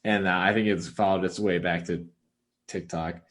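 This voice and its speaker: This young podcast co-host has a low, fairly bright voice with fairly even intonation and a moderate pace. He rambles through casual chat, using plenty of filler words and chuckling often. A slight hiss or hum runs under the recording.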